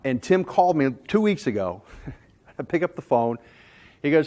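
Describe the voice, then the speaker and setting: A man giving a sales management talk, telling jokey stories in an animated, self-deprecating way to a room. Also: fairly high pitch, moderate pace. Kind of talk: storytelling presentation.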